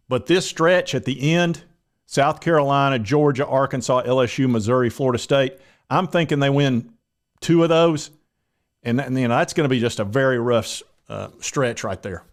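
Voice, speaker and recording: A man hosting a sports talk channel, chatting casually and rambling with plenty of fillers. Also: medium pitch. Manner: rambling, conversational, many fillers.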